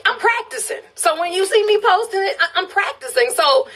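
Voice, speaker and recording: A woman's voice: very high-pitched, animated, a little fast, pushed and bright. A woman from Louisiana with a Louisiana accent hosting a casual phone live stream. She reads viewer comments, laughs often and repeats phrases for emphasis. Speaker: livestream host.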